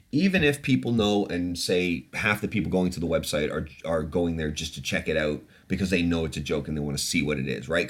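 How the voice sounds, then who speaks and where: Low-voiced laughing man, podcast host. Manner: laughs often, loose and chatty; swears casually. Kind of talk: casual podcast chat.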